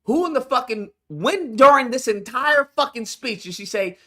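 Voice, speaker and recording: A man reacting to news clips in profane, animated commentary, incredulous and blunt. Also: extremely high pitch, moderate pace.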